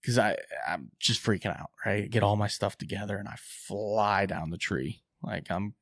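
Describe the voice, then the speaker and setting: A man co-hosting a podcast, excitedly telling a hunting story, acting out his own quotes and swearing casually. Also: lowish voice, moderate pace, vocal fry, no echo, studio quality.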